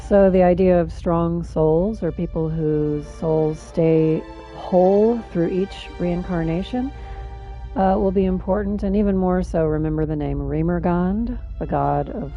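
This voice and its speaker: A woman's voice: lowish voice, unhurried, warm tone, highs cut off, faint music behind. A woman streaming and narrating a video game story for friends in a casual, chatty way.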